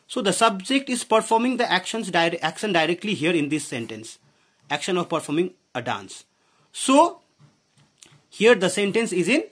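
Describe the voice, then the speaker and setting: A man's voice: high voice, fairly bright tone, slightly rough. A man teaching a grammar lesson, asking the class questions and saying "okay" often. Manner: explains with frequent questions and "okay", voice drops at phrase ends.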